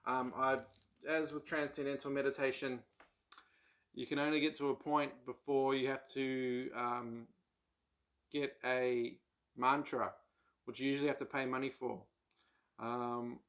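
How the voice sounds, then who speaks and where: A man's voice: medium pitch, a bit bright. A man vlogging about his old paperbacks in casual, rambling talk full of ums and restarts. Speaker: book vlogger. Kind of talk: casual chat.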